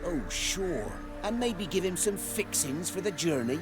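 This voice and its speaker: A man's voice: sits high, lively intonation, measured pace. An actor playing a scornful male villager who talks sarcastic and dismissive. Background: game music.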